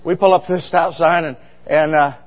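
Speaking fairly quickly with fairly even intonation, a middle-aged pastor whose voice sits on the high side delivers a humorous, story-laden sermon. He's chatty and keeps questioning the congregation. The audio is dull, with long hall reverb.

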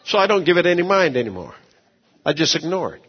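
A man preaching a sermon as pastor, telling folksy stories, repeating words and swinging from low asides to shouted peaks. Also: sing-song, fast, slightly rough, in a large hall, dull audio.

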